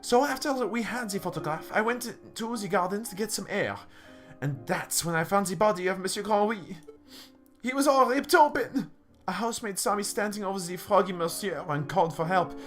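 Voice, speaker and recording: Brief: male performer as a naive young cat lady, pitched well up, bubbly, lively swoops. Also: brisk, faint music behind. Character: sweet young female cat noble, naive and cheerful.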